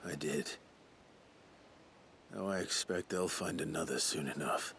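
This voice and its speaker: An actor playing a grim, brooding young warrior who speaks in a low, husky near-whisper. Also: male voice, a little slow, a bit bright, a little hiss or hum, heavily acted.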